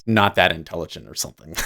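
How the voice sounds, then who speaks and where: Chatting casually on his livestream, this male host rambles, interrupts himself mid-sentence, and is quick to laugh. He speaks low, with a pushed, bright tone.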